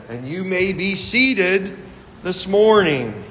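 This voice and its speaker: High-voiced pastor in a reverberant sanctuary. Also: male voice, lively intonation, takes it slowly, a bit bright. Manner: folksy, self-deprecating humor with frequent filler. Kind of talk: sermon. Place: church sanctuary. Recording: long hall reverb.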